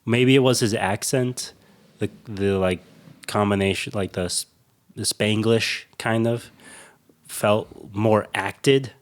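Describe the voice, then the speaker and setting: A man's voice: on the low side, steady tone, slow pace. Opinionated young man co-hosting a film podcast. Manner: opinionated, talks over partner, frequent "in my opinion". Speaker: podcast co-host. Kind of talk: casual film review chat.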